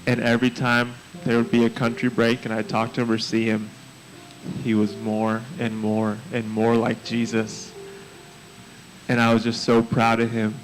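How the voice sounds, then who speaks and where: A man's voice: mid-range voice, normal speed, soft background music, low-quality recording. A man giving an earnest, prayerful memorial tribute for a friend he mentored. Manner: earnest, heartfelt and prayerful, with a fairly flat delivery.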